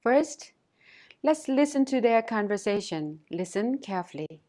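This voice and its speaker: A woman language teacher giving a scripted lesson, speaking clearly and carefully and saying words twice for learners to repeat. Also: on the high side, sing-song, unhurried, mellow.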